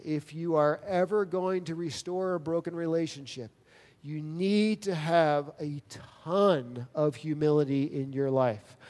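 A man preaching a sermon as pastor, earnest and emphatic, with dramatic pauses. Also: fairly high pitch, darkish tone. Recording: long reverb of a large hall.

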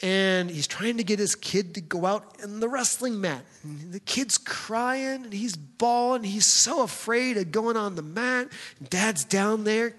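Male pastor, high voice, chatty storytelling sermon, long hall echo. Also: animated, unhurried, fairly bright tone. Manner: conversational, storytelling, talks directly to the congregation.

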